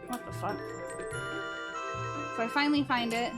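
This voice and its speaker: A woman's voice: a little high, moderate pace. Young woman swearing casually over music. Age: early 20s. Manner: rambling storyteller, swears freely. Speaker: streamer. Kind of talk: casual live-stream chat. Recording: voice over loud background music. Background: music playing under the talk.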